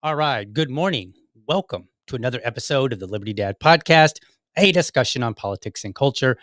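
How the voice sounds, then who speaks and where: A middle-aged man hosts a politics podcast in a loose, rambling way. He keeps cracking self-mocking dad jokes. His voice sits in an ordinary middle pitch, and the recording is dry and close. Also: expressive, brisk, fairly bright tone, no echo. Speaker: podcast host. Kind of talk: casual political podcast talk.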